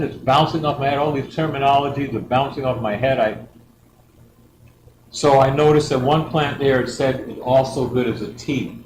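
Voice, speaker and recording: In an echoey church hall with background noise, a middle-aged male guest speaker tells a rambling personal story. His medium-pitched voice moves at normal speed, and he's lively, acting out the quotes.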